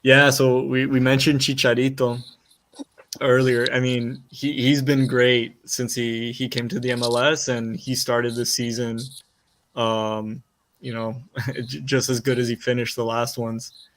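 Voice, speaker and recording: A man's voice: mid-range voice, little pitch movement, measured pace, fairly bright tone. A man on a soccer talk panel chatting casually, hesitant, with lots of fillers and restarts. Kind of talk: casual chat.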